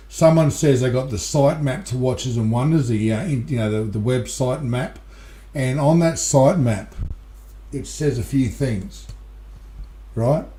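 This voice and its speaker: Casting: Australian male co-host, warm low-key tone, roomy echo, loose and rambling. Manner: relaxed, rambling, repeats words. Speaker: regular co-host. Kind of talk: casual podcast chat. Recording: echoey room.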